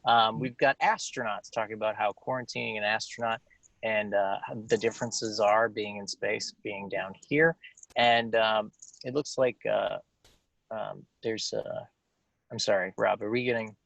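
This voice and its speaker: Unhurried deadpan man hosting a comedy show. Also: fairly low pitch, gravelly, dry recording, rough recording. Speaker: podcast co-host. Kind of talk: comic reading of a crude Christmas story, then hosting.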